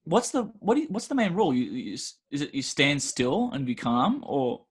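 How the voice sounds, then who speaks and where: A man co-hosting a casual podcast, reacting with quick exclamations and questions. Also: a little high, sing-song, breathy edge. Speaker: podcast co-host. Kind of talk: casual chat.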